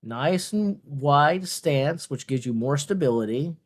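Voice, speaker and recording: A man chats through a strongman contest as host of a watch-along, joking and wandering off into playful asides. His voice sits a little high for a man. The talk is loose and casual, like live commentary to viewers. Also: expressive, takes it slowly, a little hiss or hum. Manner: playful, jokey, rambling asides.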